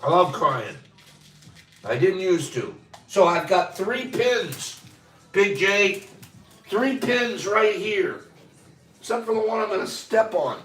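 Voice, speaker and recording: A man hosting a casual livestream, emotional and animated, swinging from loud bursts to soft, choked-up murmurs. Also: high voice, slow pace, pauses often. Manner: emotional, gets choked up and clears his throat. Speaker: livestream host.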